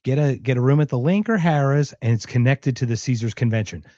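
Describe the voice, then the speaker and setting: Podcast host, male, from Philadelphia; talkative and excitable, dry slightly muffled sound. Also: medium pitch, fast, dry recording. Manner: energetic, chatty, excitable. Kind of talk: casual interview chat.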